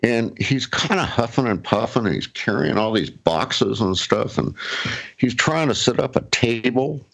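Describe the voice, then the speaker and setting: A man's voice: medium pitch, expressive, unhurried, vocal fry, fairly bright tone. A middle-aged man casually telling a personal story, rambling with fillers and restarts and chuckling often. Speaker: guest telling his story.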